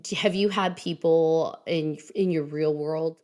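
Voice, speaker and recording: A woman with a slightly low voice hosts a livestreamed horror chat. She talks in a chatty, animated way, giggles a lot and drifts into little anecdotes. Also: measured pace. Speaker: podcast host. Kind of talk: casual chat. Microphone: livestream video call.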